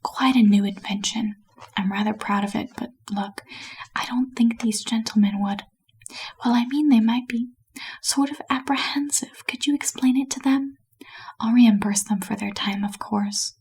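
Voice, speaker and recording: A woman's voice: fairly high pitch, moderate pace, breathy edge. A woman whispering as Two Flower, an eager naive tourist man. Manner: bright, polite, excitable. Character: eager cheerful male tourist, polite and naive. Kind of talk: whispered role-play.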